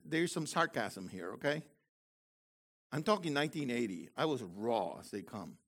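An older man teaching from the Bible in an excited, exclamatory way, with bursts of shouting. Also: medium pitch, normal speed. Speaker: preacher.

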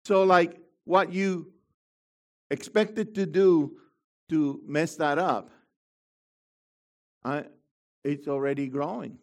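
A middle-aged man preaching a sermon with fervor, dropping to quiet asides and rising to shouted proclamations. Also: on the high side, takes it slowly, pauses often.

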